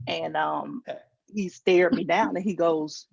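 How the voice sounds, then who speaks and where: A Southern-accented woman from Georgia performs a virtual stand-up set over a video call, telling stories full of acted-out quotes and self-deprecating asides. Her voice is fairly low, steady, slow-paced, and a bit mellow and husky, with vocal fry. The video call mic gives dull, lo-fi audio.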